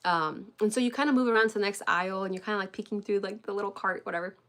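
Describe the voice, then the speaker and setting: A woman's voice: mid-range voice, steady tone, racing, a bit bright. Chatty woman coaching moms, lots of "like". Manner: chatty, filler-heavy, says "y'all" and "like" often. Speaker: parenting coach. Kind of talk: casual chat to camera. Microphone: live stream webcam.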